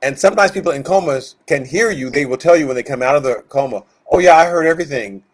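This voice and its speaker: Lively, conversational man teaching Bible study. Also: fairly high pitch, fast. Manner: conversational, acts out quoted voices, lots of fillers.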